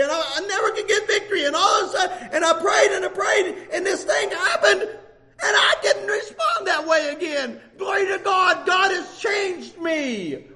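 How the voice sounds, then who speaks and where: A man preaching a sermon with passion, often shouting and laughing as he speaks. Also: extremely high pitch.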